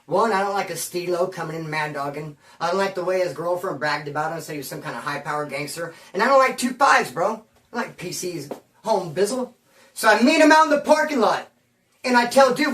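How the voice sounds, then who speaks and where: A man's voice: high voice, lively intonation, brisk, sharp tone, reverberant, recorded from a distance. Casting: rambling slang-talking man, story monologue, mic set back from him. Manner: rambling slang-heavy street talk, acts out quoted voices. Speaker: storyteller recounting prison-life stories.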